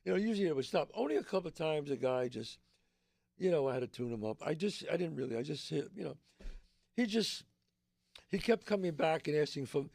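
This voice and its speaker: Gravelly older man telling a story. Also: lively intonation, fairly quick, a little mellow, no echo, clean studio sound. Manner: acts out the people in his stories, voice jumping high. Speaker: guest, actor. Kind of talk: animated storytelling.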